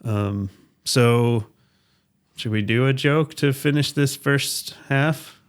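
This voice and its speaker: A man's voice: mid-range voice, slow. A man hosting a leadership podcast who chats casually, then reads the closing lines. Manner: easygoing, wraps up the episode. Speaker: podcast host. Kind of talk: casual chat and scripted outro.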